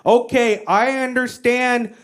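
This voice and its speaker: A woman's voice: on the high side, steady tone, slow pace. A comedian doing her mother as a stubborn immigrant mom who insists in clipped, broken English. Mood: insistent. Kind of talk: stand-up comedy impression.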